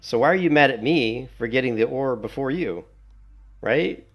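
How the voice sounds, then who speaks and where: Gravelly man doing chatty gameplay commentary. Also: mid-range voice, lively intonation, moderate pace. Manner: chatty, sarcastic, mocking. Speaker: gaming video creator.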